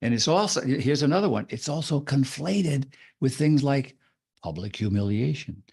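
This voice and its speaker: A man co-hosting a podcast in a relaxed, talkative way. His voice sits at a middle pitch. He acts out his points as he explains them, stretching words, sinking to a whisper and shifting his inflection. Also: gravelly, breathy edge. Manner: demonstrative, acts out vocal tricks with drawn-out words and whispers. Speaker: podcast co-host. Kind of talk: casual podcast discussion.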